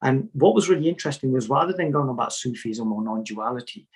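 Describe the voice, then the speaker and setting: Guy with a husky voice, sufi teacher type, chatty stories, keeps repeating himself. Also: medium pitch, lively intonation, fast, rough recording. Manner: storytelling, repeats words, jokey asides. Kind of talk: conversational interview answers.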